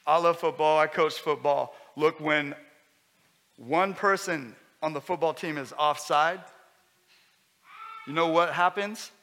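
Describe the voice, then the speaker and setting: A man preaching a sermon as pastor, conversational and lively, with sudden loud bursts. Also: fairly high pitch, measured pace, pauses often. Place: church hall. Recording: long hall reverb.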